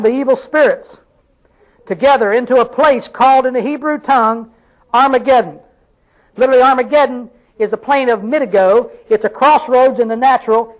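A man's voice: very high voice, rough recording. A man with a Southern American accent preaching a sermon in a folksy, emphatic way, calling out questions to his congregation.

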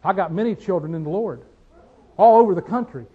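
A man delivers a sermon in a high voice, leaning into each point and asking his listeners one rhetorical question after another. The recording sounds dull and lo-fi. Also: brisk, husky. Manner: emphatic, rhetorical questions to the audience. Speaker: preacher.

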